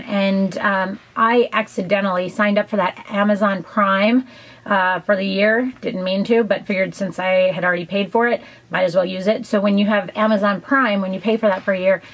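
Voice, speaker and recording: A woman's voice: mid-range voice, rough recording. Chatty woman beauty vlogger. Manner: chatty, enthusiastic, many ums and asides. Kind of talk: casual haul video chat.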